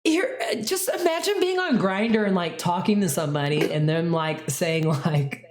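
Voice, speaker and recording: A woman's voice: on the low side, animated, normal speed, a crowd in the background. A woman co-hosting a podcast, chatting casually with lots of "like" and fillers. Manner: rambling, heavy on "like", dramatic readings of messages. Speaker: podcast co-host. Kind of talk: casual chat.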